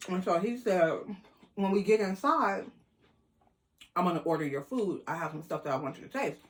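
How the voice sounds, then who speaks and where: Animated woman telling a story. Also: on the low side, normal speed. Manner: animated, quotes people in voices, laughs. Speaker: vlogger. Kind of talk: casual storytelling.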